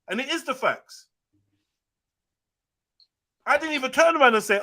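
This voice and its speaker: A man's voice: very high-pitched, sing-song, normal speed, long pauses, sharp tone. A man hosting a live panel, arguing heatedly, talking over the other caller and repeating himself. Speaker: live show host.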